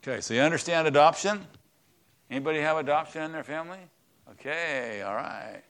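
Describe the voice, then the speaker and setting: A man preaching a conversational sermon in a church, swinging between loud, stressed words and quiet asides. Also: on the high side, animated, fairly quick, clear, resonant tone. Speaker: pastor.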